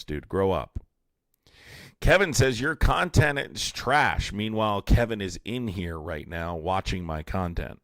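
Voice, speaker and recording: A young man's low voice, recorded close and dry with no room sound. He hosts a live stream and fires back at commenters by name. His delivery is heated and combative, with sudden rises into indignation. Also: dry recording. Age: young adult. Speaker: livestream host. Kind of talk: live-stream chat, reacting to viewer comments.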